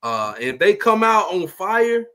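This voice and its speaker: A man's voice: high-pitched, very animated, measured pace, pushed and bright. A man talking sports on a panel, upbeat and emphatic, repeating points for stress. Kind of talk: casual sports chat.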